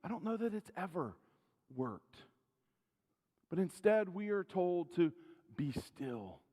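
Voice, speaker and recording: A man preaching a sermon as pastor. He speaks earnestly, asks the congregation direct questions, rises louder for emphasis and then drops low and quiet. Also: expressive, measured pace. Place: church sanctuary. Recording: long reverb of a church hall.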